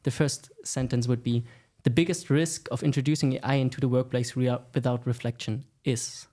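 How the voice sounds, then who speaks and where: A man's voice: medium pitch, steady tone, moderate pace, warm tone. Upbeat male podcast host, midrange voice. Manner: friendly, upbeat, with frequent "uh" fillers. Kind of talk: conversational podcast interview.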